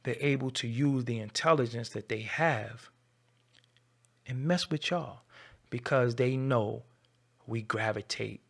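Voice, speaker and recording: Channel host, man, gravelly voice, scolding rant, mid-pitched. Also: measured pace, pauses often. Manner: confrontational, scolding, swings from loud to low. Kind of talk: ranting commentary to camera.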